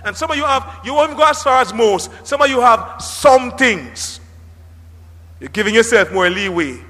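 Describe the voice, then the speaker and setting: Animated high-voiced male preacher. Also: moderate pace. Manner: animated preaching with dramatic emphasis and shouts. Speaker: pastor. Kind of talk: sermon. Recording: reverberant hall.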